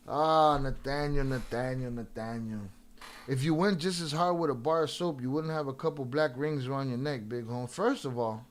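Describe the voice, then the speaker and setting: A man with a slightly high voice hosts a livestream. He argues with the chat in a profane, confrontational way and calls out viewers by name. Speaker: livestream reaction host.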